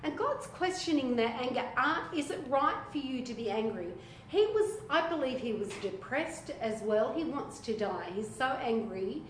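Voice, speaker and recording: A woman leading a small-group Bible study in a casual, animated way, acting out what biblical figures might say. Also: a little high, moderate pace, slight background noise. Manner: animated, chatty, acts out voices of biblical figures. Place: echoey room with a small group. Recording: echoey room recording.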